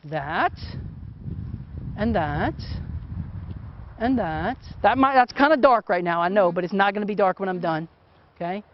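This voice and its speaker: His voice sits high, and the middle-aged man speaks at a measured pace with frequent pauses, over a little hiss or hum. He's giving a hands-on photography demo as he works, chatting casually and asking "okay?" again and again. The sound is dull and muffled.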